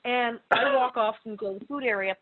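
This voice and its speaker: Woman telling lively stories over a thin line. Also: a little high, brisk. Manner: animated, laughing, acts out quoted voices. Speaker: guest author. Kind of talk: casual interview storytelling. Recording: phone-like narrow sound.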